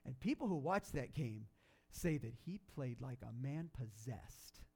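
Animated storytelling male preacher. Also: a little slow, slightly rough. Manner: animated storytelling, loud and rising when excited, soft and low at sad moments; conversational, with many fillers and restarts. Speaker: pastor. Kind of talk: sermon storytelling.

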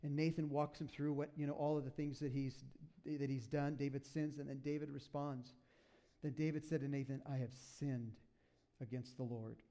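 A man preaching to a congregation in a church, his voice sitting a little high. He retells the story with lively, animated asides and gives each character a voice of its own. The delivery is casual and conversational, not formal. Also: brisk. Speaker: pastor. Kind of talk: sermon.

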